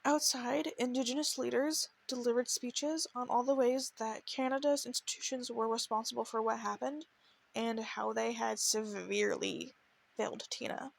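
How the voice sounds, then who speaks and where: Gravelly-voiced woman hosting true crime. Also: on the high side, fairly even intonation, moderate pace. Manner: earnest, emotional, reads quotes with stumbles and restarts. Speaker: podcast host. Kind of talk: true crime podcast narration.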